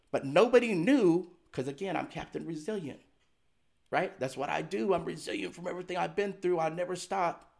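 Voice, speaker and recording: A man's voice: fairly high pitch, animated, a little fast, gravelly. A middle-aged man, a podcast guest, telling a personal story in an earnest, emphatic and candid way. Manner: earnest and emphatic, acts out remembered dialogue; candid and confessional.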